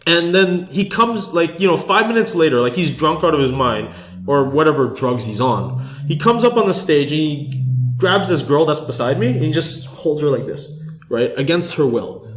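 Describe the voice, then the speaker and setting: A podcast host with a higher-pitched, animated voice tells a story at a moderate pace, swearing a lot and filling his speech with "like." The room sounds echoey.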